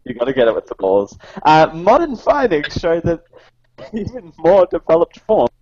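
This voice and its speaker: Animated joking man on a podcast. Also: fairly high pitch, moderate pace, highs cut off. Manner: jokey, laughs often, animated reading. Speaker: podcast co-host. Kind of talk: casual podcast banter, reading trivia.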